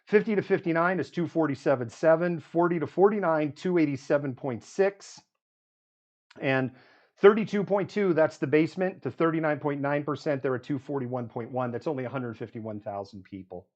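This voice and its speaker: A man's voice: on the high side, moderate pace, a little mellow, lo-fi sound. A man hosting a live news show, reeling off statistics with frequent "um"s and running commentary. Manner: reels off statistics with frequent fillers.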